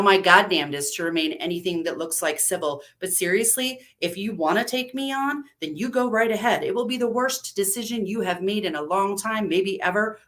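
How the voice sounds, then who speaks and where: A woman acts out a worn-out woman at her breaking point, in a live story reading. Her words come clipped and bitter, pushing louder as her patience runs out. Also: mid-range voice, lightly acted. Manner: clipped, bitter, rising to shouting.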